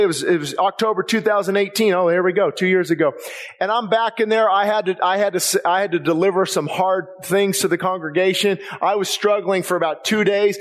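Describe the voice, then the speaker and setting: A pastor with a high, fairly bright voice preaches a sermon in a church sanctuary. He's impassioned yet conversational, repeating himself often to press his point, and the church hall's long reverb fills the recording.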